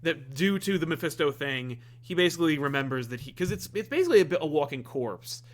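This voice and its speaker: A man's voice: a little high, big pitch swings, fast. A man co-hosting a comic review podcast, talking casually in a rambling way with lots of fillers and restarts. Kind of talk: casual chat.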